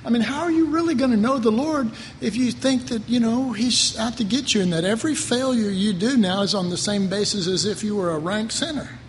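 High-voiced rambling male preacher in a hall. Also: brisk, hardly any pauses. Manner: rambling, conversational, repeats words. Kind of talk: sermon. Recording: reverberant hall, faint ambient noise.

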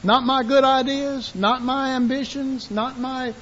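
A man preaching a sermon in a folksy, animated way, acting out quotes and shouting call-and-response lines. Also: extremely high pitch, a little slow, highs cut off.

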